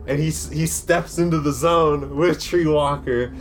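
A man's voice: on the high side, steady tone, a little slow, slight background noise. A man narrating a tabletop game as game master, playful and laughing as he describes the scene.

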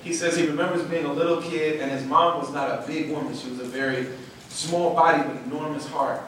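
Male storyteller, emphatic and animated, slightly raised pitch, distant mic with heavy room echo and faint noise. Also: a little fast. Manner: animated, emphatic, repeats words for stress. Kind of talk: passionate storytelling talk.

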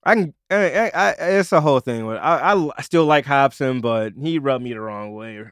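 Guy hosting a podcast, kinda rambly, smooth clear voice, dry close sound. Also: medium pitch, animated, fairly quick, no room sound. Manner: rambling, restarts a lot. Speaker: podcast host. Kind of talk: casual chat.

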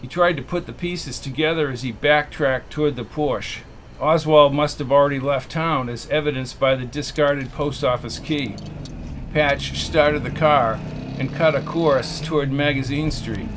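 A man reading a novel aloud as the narrator, in a steady, measured way. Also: on the high side, a little hiss or hum. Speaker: audiobook narrator. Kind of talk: scripted narration.

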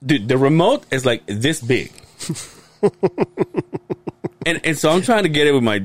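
A man's voice: mid-range voice, very animated, measured pace, dry recording. A man telling a long, rambling story in casual podcast chat, swearing and restarting often. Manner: rambling, profane, many restarts. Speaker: podcast co-host.

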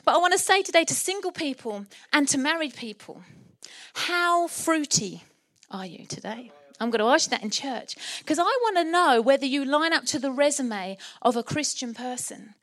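A woman's voice: high-pitched, expressive, fairly quick, hardly any pauses, a bit bright. A middle-aged woman with an Essex accent, preaching a sermon in church in a chatty storytelling way and laughing often.

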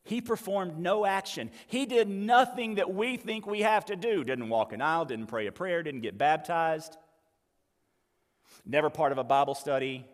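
A man's voice: a little high, expressive, normal speed, in a large hall. A man preaching a sermon as pastor, conversational and emphatic, with folksy asides.

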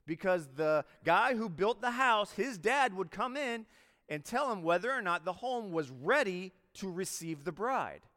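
A man's voice: sits high, lively intonation, moderate pace, sharp tone. Conversational male chaplain preaching in a hall. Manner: conversational preaching with quoted dialogue and restarts. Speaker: military chaplain. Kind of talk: sermon.

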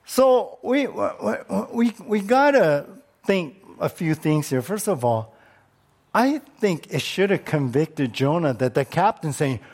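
A man's voice: a little high, sing-song, takes it slowly, darkish tone. A male pastor preaching a conversational sermon and often posing rhetorical questions to the congregation.

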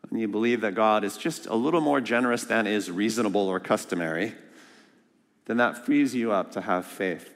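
A man preaching a sermon as a guest speaker, lively and joking, asking the congregation questions. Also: lowish voice, long reverb tail. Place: church sanctuary.

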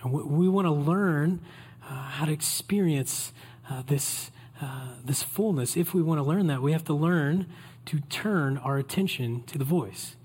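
His voice a touch high and a bit breathy, the man leads a Christmas Eve sermon without rushing. The tone is relaxed and conversational, inviting listeners in.

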